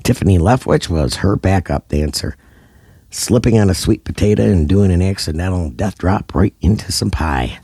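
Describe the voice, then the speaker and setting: Deep-voiced man narrating a comedy. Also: animated, moderate pace, dark tone, slightly rough, no room sound, studio quality. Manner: dramatic, over-the-top storytelling.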